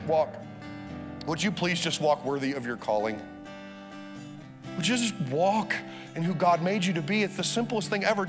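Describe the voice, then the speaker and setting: Male pastor, high voice, energetic sermon, long hall reverb, faint music behind. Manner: energetic preaching, rising to loud urgent appeals, calls for congregation responses. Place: church auditorium.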